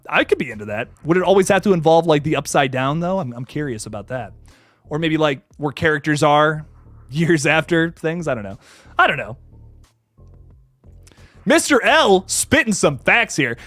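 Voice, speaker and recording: A man hosting a horror livestream, chatting casually and reading viewer comments, excitable and profane, laughing often and swinging from low mumbles to loud bursts. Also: dry recording.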